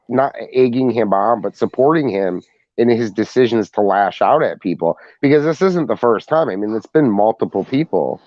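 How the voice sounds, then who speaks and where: Man, podcast co-host, casual rambling talk, mid-pitched, dry lo-fi sound. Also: a little mellow, dry recording. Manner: rambling, frequent restarts and repeated words. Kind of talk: casual chat.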